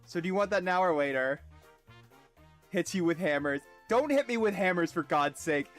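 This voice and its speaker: A male game streamer talks casually to his chat, swearing freely and mocking himself. His pitch is a touch high and bounces around a lot. Game music plays faintly behind him. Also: expressive. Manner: profane, self-mocking, quick asides to chat.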